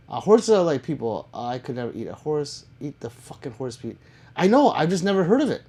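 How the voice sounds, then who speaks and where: Lively joking male live streamer. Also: a little high, normal speed, breathy edge. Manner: reads viewer comments aloud, joking and swearing. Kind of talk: casual live-stream chat.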